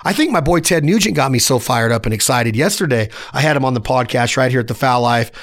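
A man's voice: medium pitch, animated, fast talker, fairly bright tone. A man in his forties hosting a podcast, giving a fired-up motivational solo rant in punchy, emphatic short sentences. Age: 40s. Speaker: podcast host.

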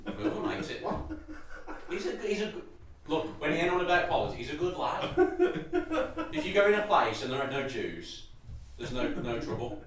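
A young man in casual comedic chat, swearing and laughing through lively banter. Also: medium pitch, normal speed, long pauses, a little hiss or hum. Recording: very echoey room, distant mic.

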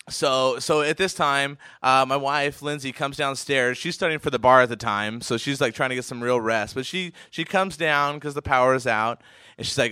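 A man from Oregon telling a comic personal anecdote, animated and chuckling, with frequent fillers and restarts. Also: mid-range voice, moderate pace, clean tone, no echo. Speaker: storyteller, professional poker player.

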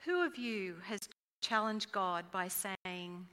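A woman preaching a sermon in an earnest, measured way, dropping her voice at solemn lines. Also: medium pitch, expressive, pushed and bright, big-room sound.

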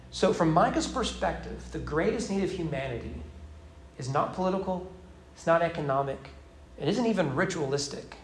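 A male pastor preaches an evening sermon, leaning on emphatic rhetorical questions. His voice sits a little high for a man. It rings out with the echo of a church sanctuary. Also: animated, normal speed, slight background noise.

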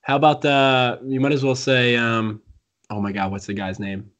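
A man's voice: medium pitch, level tone, normal speed, fairly bright tone. A young man co-hosting a podcast in casual chat, teasing and cutting in on his friend. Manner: teasing, interrupting. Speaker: podcast co-host.

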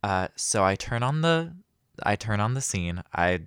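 A man's voice: lowish voice, sing-song, unhurried, fairly bright tone, smooth, no echo, studio quality. A young man hosting a casual solo podcast, rambling and self-deprecating with lots of fillers. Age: young adult. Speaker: podcast host.

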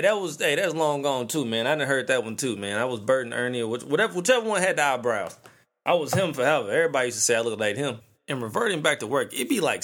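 With a medium-pitched, fairly bright voice, a podcast host in his thirties tells stories as a casual rant, peppered with profanity and slang.

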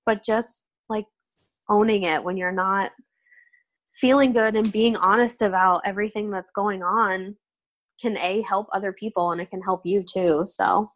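A young adult woman, a podcast guest, talking candidly and earnestly in a relaxed interview, with many fillers. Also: medium pitch, unhurried, no room sound. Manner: earnest, open, filler-heavy storytelling.

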